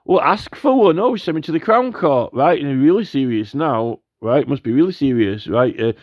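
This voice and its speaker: A male commentator goes on a rambling, argumentative monologue, saying "right?" over and over. His voice is a little high and expressive, at normal speed. The audio is dull and lo-fi, without echo.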